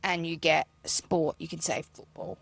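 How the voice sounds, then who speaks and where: A woman co-hosting a podcast in casual chat, bubbly and quick to laugh. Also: deep voice, animated, gravelly, slightly rough, dry recording. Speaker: podcast co-host.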